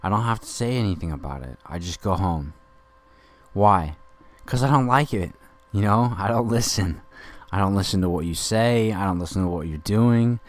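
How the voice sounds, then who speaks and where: A man's voice: low voice, moderate pace, lightly acted. A man playing an angry, rambling Dick Grayson in a profane comedic podcast monologue. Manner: rambling, profane, indignant ranting.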